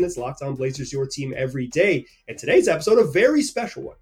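A high-voiced man hosts a casual podcast, his pitch bouncing widely as he spins stories with energy. He restarts sentences often and keeps things loose and chatty. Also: fast, hardly any pauses, faint music behind. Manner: energetic, animated storyteller with frequent restarts. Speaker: podcast host and team reporter.

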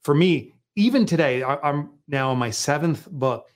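A man in a casual conversation who tells stories with a lively, swinging voice. He speaks a little higher than most men, laughs easily and acts out little scenes as he goes. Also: normal speed. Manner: animated storyteller, laughs often, acts out quotes. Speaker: author and guest.

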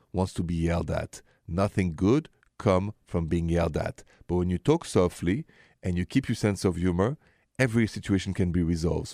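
A man hosting a call-in relationship advice radio show, giving calm, gentle advice. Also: low voice, no echo, clean studio sound.

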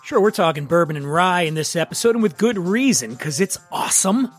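A man's voice: high voice, expressive, fairly quick, husky, soft background music. A man hosting a podcast and reading sponsor ads in a jokey, rambling, self-mocking way. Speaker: podcast host. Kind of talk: casual ad read.

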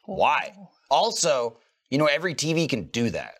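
Young man, podcast co-host, lively swooping pitch, mocking jokey delivery. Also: normal speed, gravelly. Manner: animated, mocking quips and jokey voices. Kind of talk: casual chat.

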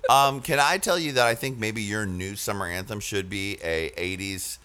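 A man's voice: lowish voice, moderate pace, bright, forceful tone. A man hosting a podcast in casual comedic chat, playful and jokey. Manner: playful, jokey, breaks into silly voices and laughter. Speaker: podcast host.

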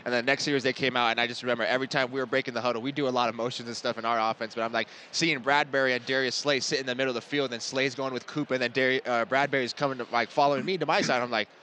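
A young man from Las Vegas, a football player guest in a casual interview, excitable and laughing often, his voice jumping high when he quotes himself. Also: racing, few pauses, a little hiss or hum. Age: young adult.

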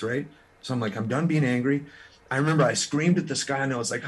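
A man from Canada, a musician guest in an interview, telling his story in an earnest, frank way with quick restarts. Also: mid-range voice, lively intonation, breathy edge.

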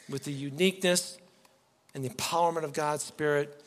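A man preaching a sermon to his church, animated, moving between loud emphatic lines and soft quiet ones. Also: fairly high pitch, moderate pace. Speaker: pastor. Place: church sanctuary. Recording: long hall reverb.

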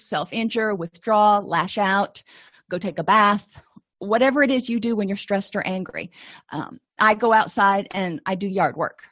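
A woman's voice: mid-range voice, fairly bright tone, dry recording, clean studio sound. A middle-aged woman therapist teaching a skills lesson in a conversational, explanatory way with casual asides. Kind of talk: lecture.

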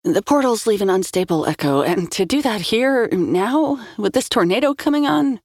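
Grave knowing lady magician , read by a woman, measured. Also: medium pitch, expressive, a little mellow, no room sound, clean studio sound, pitched above the performer's own voice.

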